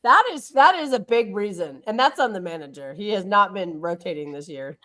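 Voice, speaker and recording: A woman hosting a casual fan stream over a video call. She talks in an animated way, swears freely and gets flustered while trying to share her screen. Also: medium pitch, a little fast. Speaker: stream host.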